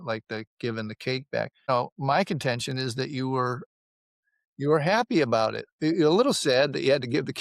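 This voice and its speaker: A man with a gravelly voice coaches in a measured, reassuring tone and often thinks aloud. His pitch sits in the middle, and the recording is dry and close. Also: no echo. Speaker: recovery counselor. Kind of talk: conversational coaching.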